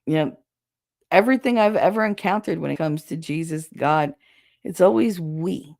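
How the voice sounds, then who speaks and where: A woman host chatting casually and bluntly with viewers, swearing freely, her throat raw and hoarse. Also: on the low side, moderate pace, darkish tone. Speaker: show host reading viewer comments. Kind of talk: casual solo livestream chat.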